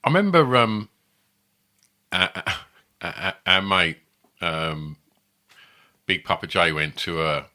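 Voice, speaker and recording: A man in his fifties, co-hosting a comedy podcast with bawdy quips and loud laughs. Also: low voice, slow pace, pauses often, clear, resonant tone. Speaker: podcast co-host. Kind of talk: casual chat.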